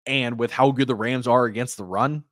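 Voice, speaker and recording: A man's voice: medium pitch, steady tone, brisk, a bit bright, no echo, studio quality. A man co-hosting a podcast, laid-back but stat-heavy as he makes his fantasy football case. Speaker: podcast co-host. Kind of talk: casual fantasy football chat.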